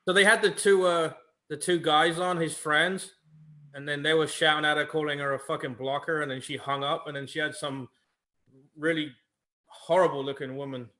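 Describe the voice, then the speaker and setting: A man co-hosting a podcast in casual chat, halting and repeating words as he retells scenes. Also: on the high side, fairly even intonation, bright, forceful tone. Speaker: podcast co-host.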